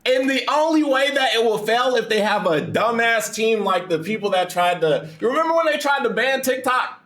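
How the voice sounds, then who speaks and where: A man hosts a reaction video with a fairly high voice and a loose, excitable delivery. He swears freely and laughs between points. The room around him has a noticeable echo. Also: moderate pace, slight background noise. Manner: excitable, profane, laughing banter. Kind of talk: casual reaction commentary.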